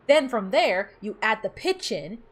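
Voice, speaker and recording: A woman's voice: medium pitch, very animated, measured pace, slightly rough. A woman streamer chatting casually while she plays, reading game text aloud and laughing easily. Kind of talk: casual gameplay commentary.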